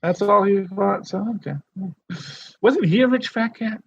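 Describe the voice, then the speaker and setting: A man co-hosting a podcast in casual chat, rambling and animated with many restarts. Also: high-pitched, a little slow, gravelly, slightly rough, lo-fi sound. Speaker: podcast co-host.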